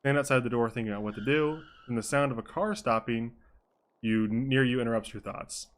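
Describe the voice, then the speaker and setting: A man's voice: mid-range voice, brisk, slight background noise. A man streaming live, reading an interactive story aloud and poking fun at his own character voices. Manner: self-mocking, laughs at his own voices.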